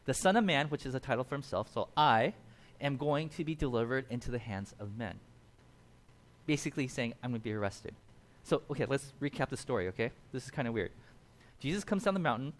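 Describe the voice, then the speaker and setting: A man preaching a sermon in a casual, animated storytelling way, acting out the people in the passage. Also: medium pitch, a little fast. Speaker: pastor.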